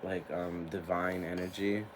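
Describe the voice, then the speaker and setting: An excitable young man in his twenties chatting casually to camera as a tarot reader. His voice sits a little low, with a faint hiss of noise behind him. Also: unhurried. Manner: excitable, laughs often, swears casually. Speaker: tarot reader hosting a spiritual channel.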